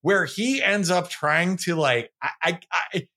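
Bright-voiced laughing podcast host man. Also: sits high, slow. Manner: laughs often, restarts in bursts. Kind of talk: casual chat.

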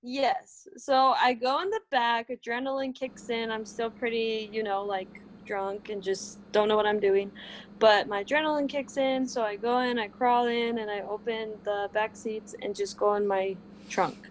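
Animated woman telling a story. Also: fairly high pitch, normal speed, a little hiss or hum, poor audio. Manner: animated, lots of "like" fillers. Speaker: guest. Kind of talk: casual storytelling.

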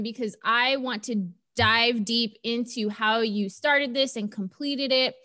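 Gushy woman podcast host, kinda high voice, swears casually and gets all excited. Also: no room sound, clean studio sound. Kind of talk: casual interview chat.

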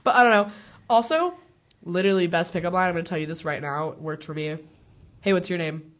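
A young woman co-hosting a casual chat podcast, animated and swearing casually as she acts out quotes. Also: fairly low pitch, fast talker. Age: young adult. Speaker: podcast co-host.

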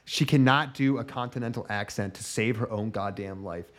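A man's voice: on the low side, normal speed. A man co-hosting a casual podcast, rambling and swearing as he explains, often trailing off. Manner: rambling, profane, trailing off at the ends of thoughts. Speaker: podcast co-host.

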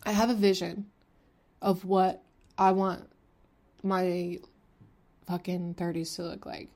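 A woman's voice: on the low side, flat delivery, takes it slowly, a little mellow. A woman in her twenties hosting a solo podcast, talking frankly and rambling, with lots of fillers and swearing. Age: 20s. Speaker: podcast host. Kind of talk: candid solo podcast talk.

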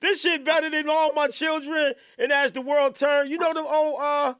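High, bright-voiced excitable podcast host man. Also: normal speed. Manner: excitable, laughs and shouts, keeps saying hold on. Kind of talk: rowdy live podcast chat.

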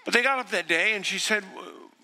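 Gravelly man in his sixties preaching. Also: high voice, a little fast. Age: 60s. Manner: earnest, swings from hushed to impassioned. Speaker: pastor. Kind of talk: sermon. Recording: echoey hall with long reverb.

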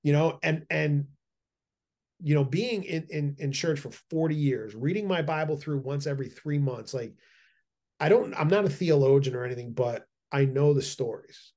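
A man's voice: a little high, normal speed, darkish tone. A middle-aged man talking as a podcast guest, eager and rambling, with frequent restarts and repeated words. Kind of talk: casual podcast conversation.

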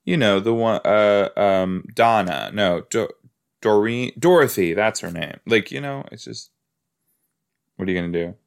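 A man hosting a podcast, chatting casually as he reacts to a TV episode, easily amused and quick to gasp and laugh. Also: fairly low pitch, gravelly, clean tone.

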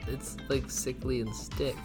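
A man's voice: medium pitch, over music. Teasing young man on a podcast. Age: young adult. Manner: teasing, animated, quick to laugh. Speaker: podcast co-host. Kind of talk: casual chat.

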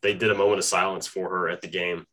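A man with a fairly low voice chats loosely on a sports-betting podcast. His talk is relaxed and he laughs easily between points. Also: fast. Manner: easygoing, laughs often. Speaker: podcast co-host.

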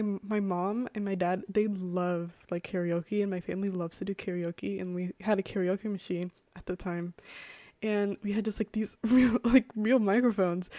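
A woman's voice: medium pitch, warm tone, no echo. A young woman from Connecticut, hosting a podcast and rambling through childhood stories with lots of "like" and giggles. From Connecticut, USA. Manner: chatty, rambling, full of "like" fillers and giggles. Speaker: podcast host. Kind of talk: casual storytelling.

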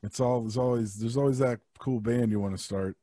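A man's voice: medium pitch, fairly even intonation, brisk, mellow, dry recording. A man guest on a podcast, chatting casually and joking, sometimes singing bits of songs. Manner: jokey, sings snatches of songs. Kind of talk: casual chat.

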